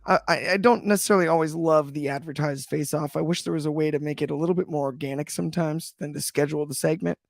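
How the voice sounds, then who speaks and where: A man co-hosting a casual wrestling chat, enthusiastic and halting, often restarting his sentences. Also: fairly high pitch, steady tone, vocal fry, no echo, clean studio sound. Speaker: podcast co-host.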